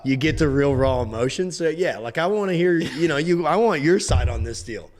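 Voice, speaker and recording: A man's voice: fairly high pitch, animated, fairly quick. A man, a podcast co-host, chatting casually and eagerly, swearing loosely.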